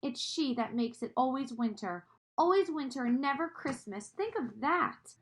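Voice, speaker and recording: A guilty, tearful male faun who talks through sobs and groans, as a woman reading aloud puts him on. His voice sits a little high and sounds heavy with sorrow. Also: expressive, moderate pace. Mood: sorrowful. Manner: sobbing, sorrowful.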